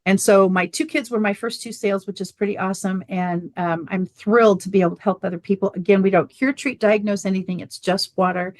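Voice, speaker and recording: A middle-aged woman speaking as an interview guest, her voice sitting at a medium pitch. She tells her story in an animated way, slipping into the voices of her family. The sound is dry and close, with no room around it. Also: fairly quick, hardly any pauses, no echo. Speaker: guest, water machine business owner.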